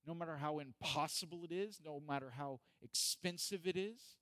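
A man's voice: fairly high pitch, moderate pace, a bit bright, dry recording. A man preaching a sermon, earnest and repetitive, building to emphatic peaks.

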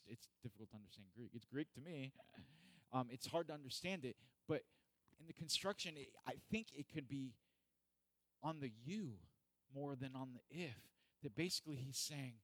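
A man's voice: medium pitch, sharp tone, no room sound. A man preaching a sermon, earnest and repetitive, building to emphatic peaks.

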